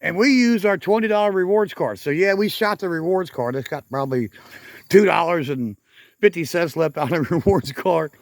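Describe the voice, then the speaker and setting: A man's voice: on the high side, normal speed, no echo. Rambling middle-aged man vlogging outdoors. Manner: rambling, self-correcting, chuckles often. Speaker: garage channel vlogger. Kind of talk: casual vlog chat. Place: outdoors at a home garage.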